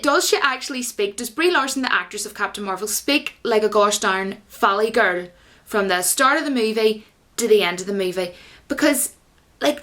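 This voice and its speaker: A woman's voice: fairly high pitch, sharp tone. A woman talking casually into her vlog, rambling and firing rhetorical questions at viewers she calls guys. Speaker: YouTuber.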